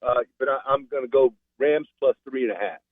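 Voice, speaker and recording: A man calling in to a sports radio show as the regular betting guest, talking in a rambling, animated, salesy way over the phone. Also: medium pitch, brisk. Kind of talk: casual sports radio chat. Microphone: phone call. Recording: tinny phone line.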